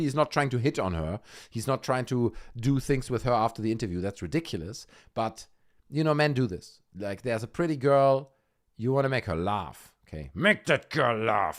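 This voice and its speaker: Male host, live stream commentary, sarcastic, mocking, very lively pitch, mid-range voice. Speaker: livestream host.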